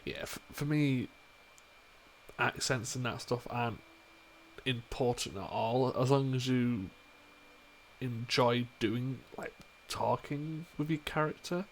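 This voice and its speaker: A man's voice: mid-range voice, slow, a little hiss or hum. A man playing a tabletop game, chatting in an easygoing way. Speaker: player. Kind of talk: casual chat during a tabletop game.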